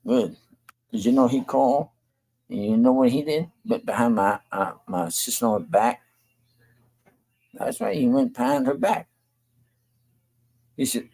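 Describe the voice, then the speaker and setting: A man's voice: mid-range voice, very animated, unhurried, creaky, pauses often, darkish tone, slightly rough, low-quality recording. An older man, hosting a talk show and complaining bluntly and repetitively. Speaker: show host. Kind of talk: venting monologue to camera.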